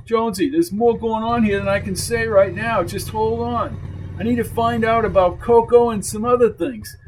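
A man doing a gruff tough biker gangster. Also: high voice, steady tone, moderate pace, slight background noise, pitched above the performer's own voice, close to an everyday voice, poor audio. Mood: urgent. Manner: gruff street slang, blunt and urgent.

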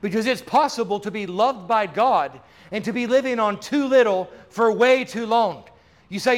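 A man with a notably high voice preaches a charismatic sermon in a church. He is fervent, and his talk builds to loud, drawn-out declarations. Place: church sanctuary.

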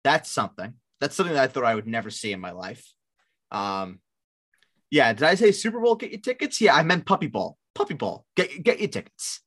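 A man's voice: fairly quick, breathy edge. A man co-hosting a sports podcast, talking in a sarcastic, rambling way and swearing freely. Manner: sarcastic, rambling, swears, lively jumps in pitch. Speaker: podcast co-host. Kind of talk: casual sports podcast chat.

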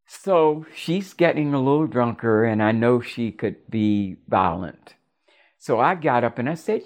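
An older woman from Florida narrating a personal story in a halting, intimate way. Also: very deep voice, animated, a little mellow. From Florida, USA.

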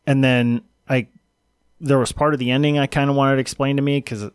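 A man's voice: medium pitch, flat delivery, brisk, smooth, dry recording, studio quality. A man in casual chat, easygoing and laughing as he talks. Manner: easygoing, laughing, retelling jokes.

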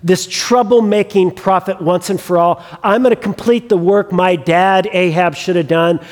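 Preacher puts on a high-voiced, flustered ancient king, stammering in a reverberant hall. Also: steady tone, moderate pace, a little mellow, close to an everyday voice. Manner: stammering, indignant questions. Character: desperate sick ancient king, angry and flustered. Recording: long reverb of a large hall.

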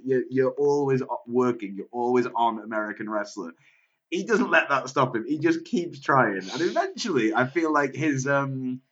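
A man's voice: mid-range voice, lively intonation, moderate pace, a bit bright. Wry British man, muffled podcast. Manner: wry, jokey asides. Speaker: podcast co-host. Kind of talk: casual comedic chat.

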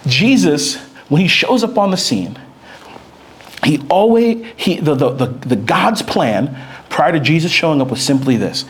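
Male preacher, lively sermon delivery, voice on the higher side. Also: moderate pace, slightly rough. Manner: animated, swings between reading scripture and excited storytelling. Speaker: pastor.

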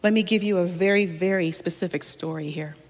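A woman's voice: lowish voice, fairly quick, long reverb tail. A woman pastor preaching a sermon, telling a personal story and often speaking straight to her listeners.

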